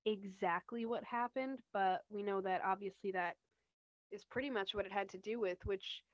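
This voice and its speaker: A woman's voice: mid-range voice, normal speed, no echo, highs cut off. A woman co-hosting a podcast, chatting casually about a TV episode, with lots of "like" and "you know". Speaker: podcast co-host. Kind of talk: casual TV rewatch discussion.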